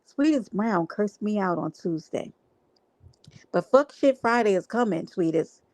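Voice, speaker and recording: A woman's voice: medium pitch, animated, a little slow, a little mellow, dry recording. A woman hosting a livestream, talking to her chat in a brash, playful way with plenty of profanity. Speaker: livestream host.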